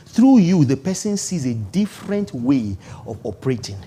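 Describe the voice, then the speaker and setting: A man preaching a sermon, switching between loud calls to the congregation, low asides and laughter. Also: big pitch swings, moderate pace, slight background noise. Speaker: pastor.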